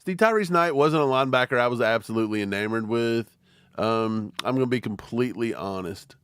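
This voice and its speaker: A man's voice: medium pitch, fairly quick, clear, resonant tone. A man co-hosting a live football draft reaction stream, talking casually and slipping into silly impressions. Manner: animated, mimics people in silly voices. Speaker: co-host.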